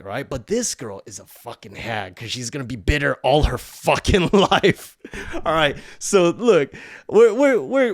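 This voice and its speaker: A man's voice: fairly high pitch, no echo, studio quality. A man hosting a podcast, telling a story in a blunt, profane, heated rant. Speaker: podcast host. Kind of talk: ranting storytelling.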